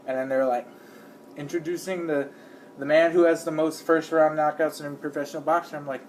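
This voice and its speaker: A man's voice: on the high side, steady tone, fairly quick, a little hiss or hum. A man giving casual commentary in a rambling way, full of fillers, and acting out the people he describes. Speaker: video creator.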